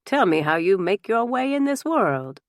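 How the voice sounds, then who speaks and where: A woman's voice: mid-range voice, very animated, normal speed, dry recording, pitched above the performer's own voice, close to an everyday voice. Aged male statesman, read by a woman, courteous, formal, dry close sound.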